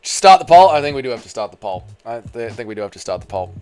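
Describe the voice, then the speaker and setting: A man's voice: medium pitch, big pitch swings, quick pace, darkish tone, clean tone, faint music behind. A man with an Australian accent who streams live, chatting casually with his viewers and swearing freely. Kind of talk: casual livestream reaction chat.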